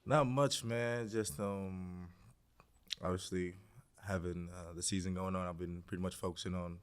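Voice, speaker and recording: A young man in his twenties from Greece, speaking with an American accent as a guest in a casual interview, laid-back and filling pauses with "um" and "like". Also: low-pitched, steady tone, clean tone, dry recording. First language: Greek. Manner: laid-back, many fillers like "um" and "like". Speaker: guest, basketball player.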